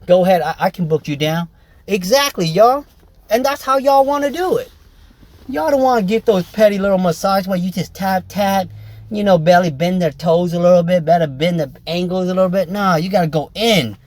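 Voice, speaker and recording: High-pitched male nail tech with a lilt; brash, crude, chatty teacher, dry recording. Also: fairly quick, dry recording. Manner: brash, joking, profane, keeps saying "y'all" and "okay". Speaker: nail technician teaching pedicure. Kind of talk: casual tutorial talk to camera.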